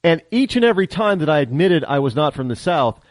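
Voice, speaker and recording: Male podcast host, from the northern US, casual rambling monologue, very expressive pitch. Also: fast talker, dry recording. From northern United States. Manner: animated rambling storytelling.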